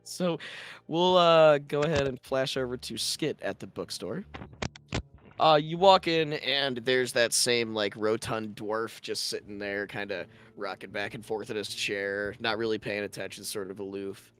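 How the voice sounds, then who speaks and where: A man's voice: lowish voice, measured pace, fairly bright tone, clean tone. A man running a tabletop game as game master, narrating scenes loosely with lots of filler words.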